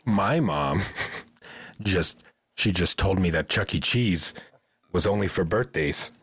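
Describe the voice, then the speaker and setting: A man's voice: sits low, expressive, slow, a bit bright, breathy edge, no room sound. A man co-hosting a podcast in casual chat, joking around, laughing often and swearing heavily. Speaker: podcast co-host.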